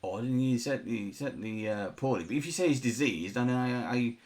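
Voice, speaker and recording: A man's voice: medium pitch, animated, a little fast, darkish tone, natural voice. A man voicing an evasive, fussy sanatorium doctor who stammers and defends himself in a tabletop game. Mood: flustered. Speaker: game master.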